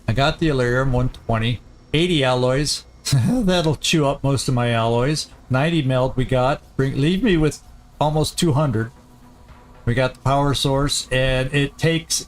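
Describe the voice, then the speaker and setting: A man hosting a let's play, giving casual gameplay commentary as he thinks aloud, often halting and restarting. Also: fairly high pitch.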